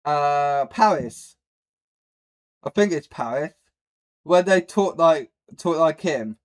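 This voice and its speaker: A man's voice: on the high side, expressive, takes it slowly. A man hosting a reaction video, who rambles bluntly with many fillers and says he has a speech problem. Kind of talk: casual reaction commentary.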